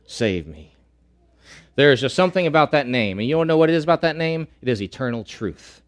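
Male pastor preaching, repeats himself a lot, goes loud then quiet and slow. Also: animated. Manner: swings between loud emphatic repetition and low slow hushed lines. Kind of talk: sermon.

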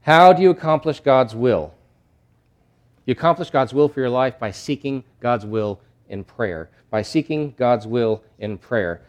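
A male pastor preaching a sermon, animated and conversational, acting out scenes from scripture. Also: medium pitch, a little slow. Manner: animated, acts out disciples' voices.

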